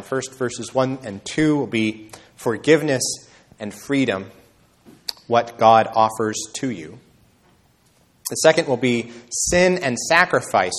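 Earnest male preacher with steady middle pitch. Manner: earnest preaching with emphatic rises and slow stresses. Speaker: pastor. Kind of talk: sermon.

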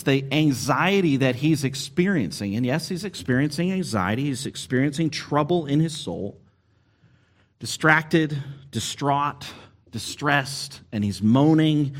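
Earnest man preaching a sermon. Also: medium pitch. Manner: earnest, expressive preaching with emphatic rises and slowed stresses. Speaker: pastor.

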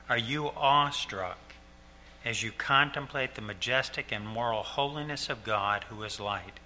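An older man preaching a sermon as pastor, earnest and repeating key lines slowly for emphasis. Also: lowish voice, bright, forceful tone, a little hiss or hum. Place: church sanctuary.

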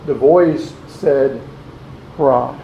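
A man preaching a sermon, slowly posing rhetorical questions and reading scripture aloud in old-fashioned wording. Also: medium pitch, gravelly, dark tone, slight background noise. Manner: slow, deliberate, repeats rhetorical questions. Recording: roomy, dull lo-fi recording.

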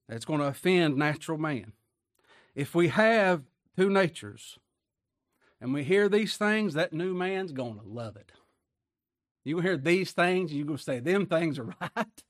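A man's voice: a little high, animated, measured pace, long pauses, no echo, clean studio sound. A man preaching a sermon in a folksy, colloquial way, often tagging rhetorical questions onto his points.

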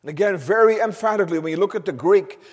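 High-voiced preacher in a reverberant church. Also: male voice, quick pace. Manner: fervent, exclamatory preaching. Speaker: pastor. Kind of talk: sermon. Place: church sanctuary. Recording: long reverb of a large church.

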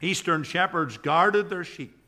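A male pastor preaching a sermon in church, earnest, dropping low and soft on scripture quotes. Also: unhurried.

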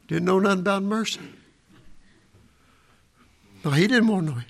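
A man preaching a sermon as pastor, fervent and building to shouts. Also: high voice, moderate pace, creaky, pauses often.

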